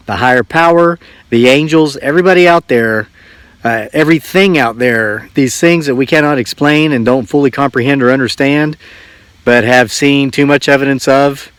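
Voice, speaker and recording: A man's voice: mid-range voice, clear, resonant tone, no echo. A man vlogging from his old homestead, casually retelling a story and acting out the voices in it. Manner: animated retelling, acts out quoted voices. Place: old farmhouse.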